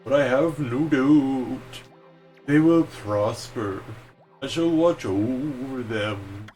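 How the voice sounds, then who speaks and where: A man voicing the ghost of a solemn male head priest in a slow, stereotypical ghost voice. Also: mid-range voice, animated, darkish tone, soft background music.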